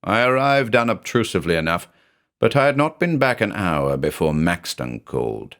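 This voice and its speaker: Low-voiced man narrating a story. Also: big pitch swings, fairly bright tone. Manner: measured, dry, first-person storytelling. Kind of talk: scripted narration of a classic horror story.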